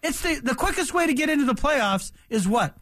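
A man in his fifties talks sports on the radio in an unusually high voice. He is emphatic and opinionated and speaks with animated energy into a studio mic. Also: fairly quick. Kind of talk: sports talk radio chat.

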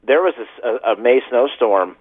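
A man's voice: medium pitch, lively intonation, moderate pace, dry recording. Male meteorologist on a tinny phone line. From western Massachusetts. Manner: chatty, self-deprecating, stumbling over words. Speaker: TV meteorologist calling in. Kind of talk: casual phone-in chat.

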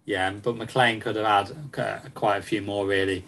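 A man's voice: lowish voice, level tone, moderate pace, fairly bright tone, low-quality recording. A man chatting casually about football on a podcast, with many ums and restarts and frequent laughs. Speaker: football reporter.

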